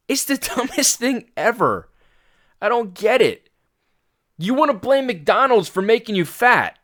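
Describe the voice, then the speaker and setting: Exasperated man ranting, high and lively. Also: measured pace. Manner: exasperated, blunt, swears. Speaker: fitness podcast host. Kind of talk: ranting podcast monologue.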